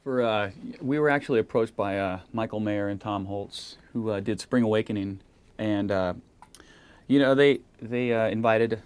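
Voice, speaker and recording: A man's voice: lowish voice, moderate pace, clear, resonant tone. A man in a casual interview, speaking in a laid-back way with lots of uhs. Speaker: band member interviewed.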